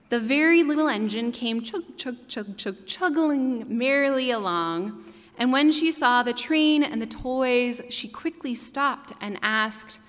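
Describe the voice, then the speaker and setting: A woman preacher retelling a children's story in a sermon, expressive and playful with her asides. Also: fairly high pitch, takes it slowly. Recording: long hall reverb.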